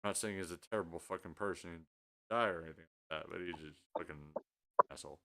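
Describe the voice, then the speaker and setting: A man's voice: deep voice, fast, gravelly, bright, forceful tone. A man chatting on a late-night livestream, blunt and profane, often stammering and restarting. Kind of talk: casual late-night chat.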